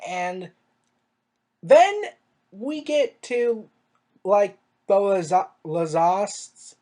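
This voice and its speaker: A reviewer in a casual monologue, rambling with fillers and restarts and firing off exasperated rhetorical questions, their pitch jumping up on emphasis. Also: animated, very slow, dark tone. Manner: pitch swings up sharply on emphasis. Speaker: show reviewer.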